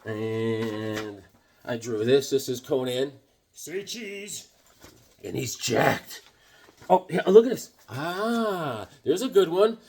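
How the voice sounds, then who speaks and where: A man chatting casually as a comic book vlogger, joking and rambling with sudden loud bursts while he shows off his sketches. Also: medium pitch, takes it slowly. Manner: excitable, jokey, rambling, with sudden loud outbursts. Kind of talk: casual chat showing sketches.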